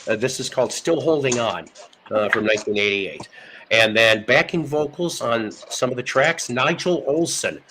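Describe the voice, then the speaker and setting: A man's voice: mid-range voice, normal speed, noisy background. A man hosting a casual live show about vinyl records, talking in a chatty, rambling way. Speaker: host.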